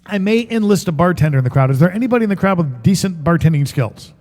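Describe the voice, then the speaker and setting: High-voiced joking man hosting a music stream. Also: lively intonation, fast talker, a little mellow, big-room sound. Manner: chatty, joking, greets viewers by name. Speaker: musician and livestream show host. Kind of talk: casual chat with viewers.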